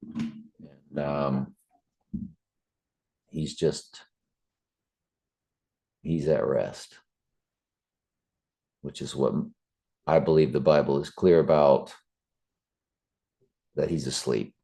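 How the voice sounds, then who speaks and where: A man's voice: very deep voice, fairly even intonation, very slow, vocal fry, long pauses, mellow. A middle-aged man, talking in an earnest, preachy way with fillers and restarts. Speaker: Bible study channel host. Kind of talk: casual spoken reflection.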